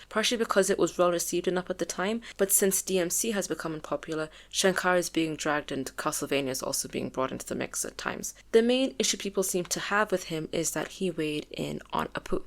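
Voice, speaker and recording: A woman giving a casual commentary video essay, conversational with frequent fillers, turning animated when she argues a point. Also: on the low side.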